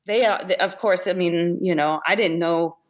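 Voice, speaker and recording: A woman being interviewed on a podcast about her makeup effects career, telling animated anecdotes with laughs and restarts. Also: on the low side, normal speed. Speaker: guest makeup effects artist. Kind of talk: casual storytelling interview.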